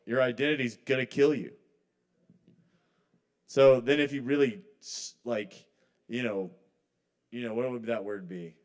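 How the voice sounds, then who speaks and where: A man talks through a loose stand-up set at an open mic, rambling and conversational in his middle-pitched voice. His thoughts often trail off before he picks them back up. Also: fairly even intonation, measured pace, pauses often. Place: live kava bar open mic.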